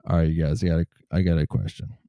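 A man hosting a casual comedy podcast, swearing freely and reading news quotes aloud in a relaxed, joking way. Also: sits low, very fast, gravelly, no room sound. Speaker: podcast host.

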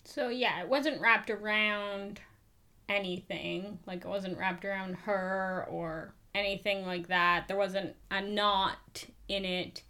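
Woman, podcast co-host, casual chat, slow-paced, relaxed. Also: medium pitch.

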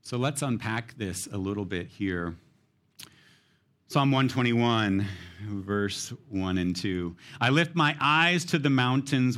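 A man's voice: mid-range voice, lively intonation, a little slow, fairly bright tone. A man preaching a sermon, explaining a psalm in an earnest teaching manner. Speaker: pastor.

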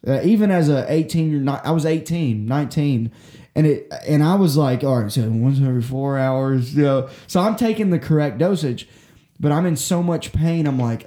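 In an echoey room, a young man with a dark, high-leaning voice spins out a lengthy personal tale, profane and rambling, stopping and restarting again and again.

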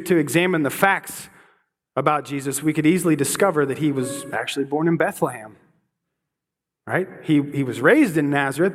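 A man's voice: on the high side, long reverb tail. A man preaching a sermon as pastor, earnest, often repeating words as he builds a point.

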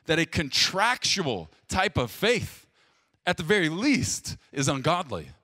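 A man preaching a sermon to viewers, emphatic and plain-spoken, dropping to hushed low lines between loud stresses. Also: very animated, unhurried, no echo, clean studio sound. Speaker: pastor.

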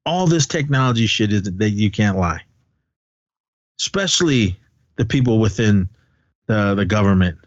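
A middle-aged man from California, chatting on a podcast, telling stories in a profane, animated rant. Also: lowish voice, normal speed, long pauses, no echo. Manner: profane, ranting, animated storytelling. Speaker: podcast co-host. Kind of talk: casual podcast chat. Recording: dull, dry podcast recording.

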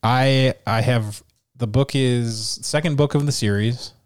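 A man's voice: medium pitch, a little slow, clean tone, no room sound, clean studio sound. A man co-hosting a podcast in casual chat, blunt and profane. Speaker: podcast co-host.

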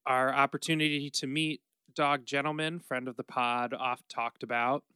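A woman's voice: very deep voice, steady tone, normal speed, bright, forceful tone, clear, resonant tone, no echo. A woman co-hosting a casual podcast, joking dryly and trading puns with her co-host. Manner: dry, joking, punny. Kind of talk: casual chat.

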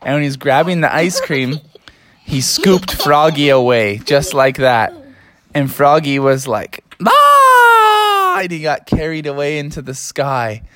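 A woman with a low voice narrates a children's story as the host, drawing her young listeners in to shape it. The recording is dry and close. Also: measured pace, dry recording. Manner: warm, inviting, prompts children to add.

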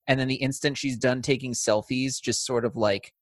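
Podcast co-host, male, chatty and profane, close dry mic, mid pitch. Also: fairly even intonation, moderate pace, no room sound. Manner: chatty, swears, laughs easily. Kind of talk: casual film discussion.

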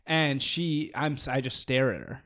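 A man's voice: mid-range voice, normal speed, fairly bright tone. A man telling a long story in casual chat, rambling and swearing, restarting his sentences often. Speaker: storyteller in a conversation.

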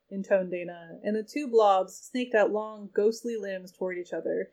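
Give me a woman reading her own book aloud over a video call, expressive and casual. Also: mid-range voice, moderate pace, hardly any pauses. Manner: expressive, laughs easily.

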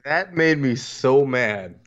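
A man's voice: medium pitch, animated, takes it slowly, highs cut off. A man co-hosting a podcast, reacting to a cartoon with crude jokes, swearing and laughter. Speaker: podcast co-host. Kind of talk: casual chat, crude jokes.

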